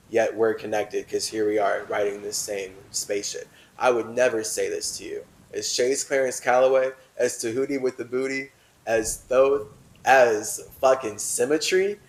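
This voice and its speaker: Guy reading a text out loud and going off on it, keeps saying like, lowish voice, echoey room. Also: unhurried. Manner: animated, often says "like", swings between solemn reading and excited asides. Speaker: host. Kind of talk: reading a text aloud and commenting on it.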